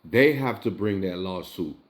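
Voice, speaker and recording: A man's voice: low-pitched, lively intonation, unhurried. A tipsy man giving casual reaction commentary, emphatic and profane, firing off rhetorical questions.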